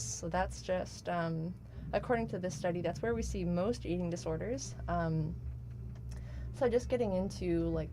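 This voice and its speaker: A young adult woman co-hosting a casual radio talk show, relaxed, with many fillers. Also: fairly low pitch, creaky, background noise.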